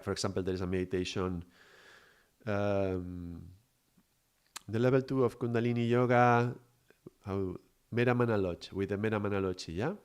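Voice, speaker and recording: A man's voice: lowish voice, darkish tone, clear, resonant tone. A man giving a live spiritual teaching, explaining patiently, often searching for words and checking in with his listeners. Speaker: Kundalini yoga teacher.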